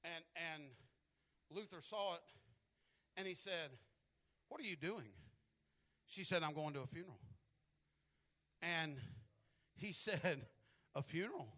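A man preaching a sermon who tells stories in a low voice, then builds to shouting, often repeating words as he starts phrases. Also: a little slow, pauses often.

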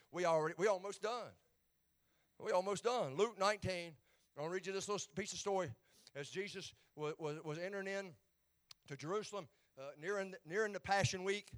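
A pastor preaching a sermon, dropping to low murmurs and rising to shouts. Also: male voice.

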